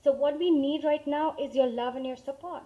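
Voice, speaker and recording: A woman in her forties on a discussion panel, telling a personal story in a lively way with acted-out quotes, speaking into a handheld mic. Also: sits high, normal speed. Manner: animated storyteller, acts out quotes. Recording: dull lo-fi panel recording.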